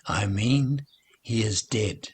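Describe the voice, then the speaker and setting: A man voicing a sad older grandfather who speaks haltingly, with stammers and pauses. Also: fairly low pitch, breathy edge, exaggerated voice. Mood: grieving. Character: grieving older grandfather, once grumpy.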